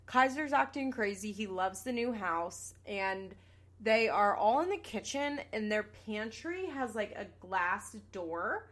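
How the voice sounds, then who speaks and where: A woman's voice: medium pitch, animated, fairly bright tone. Young woman host, casual chatty recap delivery, sarcastic and profane, mid-range voice. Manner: chatty, sarcastic, swears casually, quick asides. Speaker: podcast host recapping a reality show. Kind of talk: casual chat.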